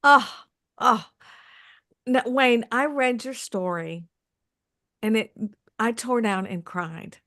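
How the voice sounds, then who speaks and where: A woman's voice: on the high side, slow pace, pauses often, a bit bright, dry recording, clean studio sound. A woman moderating a panel, effusive and emotional as she introduces speakers.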